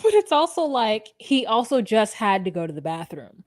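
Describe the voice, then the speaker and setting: A woman's voice: on the high side, big pitch swings, moderate pace, no echo, studio quality. A young woman co-hosting a podcast, recapping casually, laughing often and mimicking people she quotes. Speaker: podcast co-host. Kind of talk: casual reality-TV recap chat.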